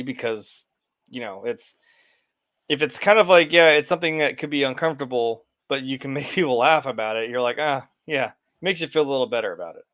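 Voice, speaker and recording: A man's voice: mid-range voice, fairly bright tone. A man co-hosting a casual movie review podcast, rambling with many fillers and frequent laughs.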